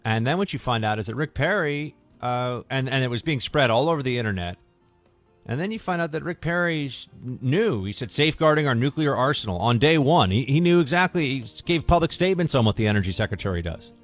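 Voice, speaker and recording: A man's voice: medium pitch, lively intonation, fairly quick, no echo, faint music behind. Sarcastic male talk radio host. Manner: sarcastic, indignant, punchy delivery. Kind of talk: political talk radio monologue.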